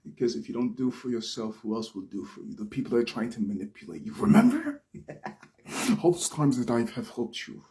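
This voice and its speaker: A man's voice: mid-range voice, steady tone, fast, few pauses, dark tone. A man reciting taunting, manipulative spoken word poetry.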